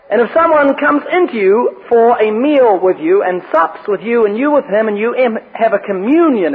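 High-voiced preacher on tinny radio. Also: male voice, slightly rough. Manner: joking, anecdotal preaching with scripture readings. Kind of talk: sermon. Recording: phone-like radio broadcast with long reverb.

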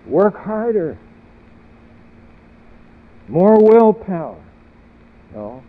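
A man preaching a sermon in an earnest manner, building to emphatic peaks through repeated questions. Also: mid-range voice. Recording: tinny phone-like audio with faint noise.

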